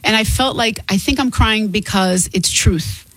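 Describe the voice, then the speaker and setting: A woman's voice: mid-range voice, unhurried, fairly bright tone, no room sound, rough recording. A middle-aged woman, a singer and author, speaking earnestly and openly as a guest in an interview. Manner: earnest and open, laughs between points. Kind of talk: candid interview talk.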